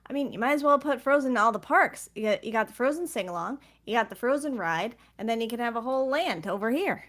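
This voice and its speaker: Woman cohost teasing her partner, higher voice, bouncy and lively. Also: fast. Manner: teasing, playful. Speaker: podcast co-host. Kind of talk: casual chat.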